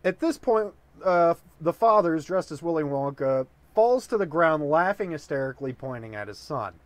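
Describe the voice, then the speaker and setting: A man's voice: on the high side, animated, normal speed, no room sound. Tipsy man rambling through a joke. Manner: rambling, filler-heavy. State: drunk. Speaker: comedic storyteller. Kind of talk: improvised dirty joke narration.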